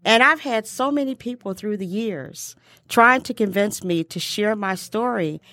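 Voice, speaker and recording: Hosting a podcast, a middle-aged American woman chats in an upbeat, emphatic manner, stretching out her lists. Her voice is medium-pitched and fairly bright, with no room sound.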